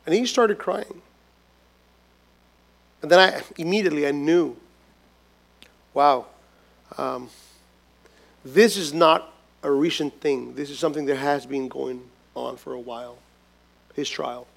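A man preaching a sermon as a pastor, emphatic and repetitive, swinging between loud stresses and hushed lines. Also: on the high side, slow, vocal fry, long pauses. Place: church gathering.

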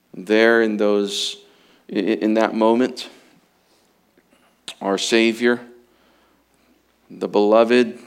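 A man preaching a sermon in an earnest way, slowing and rising for emphasis, then dropping low and quiet. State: emotional, fighting to get through.

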